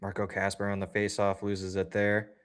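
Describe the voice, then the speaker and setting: A man's voice: on the low side, completely flat delivery, normal speed, clean tone. Chatty man hosting a live game stream. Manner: chatty and upbeat, reacts loudly to plays; talks straight to chat viewers. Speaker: livestream host. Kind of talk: casual live game watch-along commentary.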